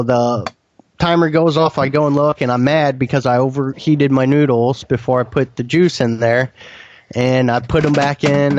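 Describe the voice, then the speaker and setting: A man's voice: medium pitch, no echo, muffled recording. A man earnestly recounting a frightening encounter in detail as an interview guest, often restarting his sentences. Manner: earnest, vivid retelling with frequent restarts. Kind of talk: first-person storytelling.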